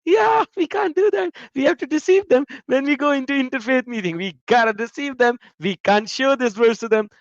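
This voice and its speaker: A man putting on the high, giggly, sneering voice of mocking young people. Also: fairly quick, vocal fry, hardly any pauses, no room sound, muffled recording.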